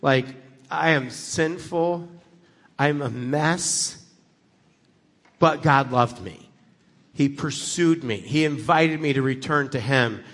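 A man's voice: mid-range voice, slow, pauses often, fairly bright tone, in a large hall. A middle-aged man preaching as a guest speaker, conversational and building to emphatic passages. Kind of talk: sermon.

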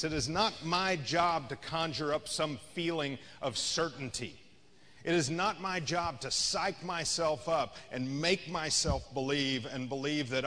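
A man's voice: on the high side, measured pace, bright, forceful tone. Man preaching in a reverberant hall. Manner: conversational preaching, rising and falling in intensity. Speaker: pastor. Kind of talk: sermon. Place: church sanctuary.

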